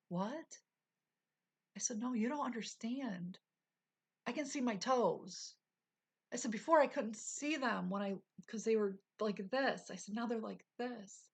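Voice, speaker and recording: Woman, 40s, husky, slow casual storyteller who acts out dialogue and slips into whispers. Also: medium pitch. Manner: animated retelling, acting out quotes, drops to whispers. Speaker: vlogger.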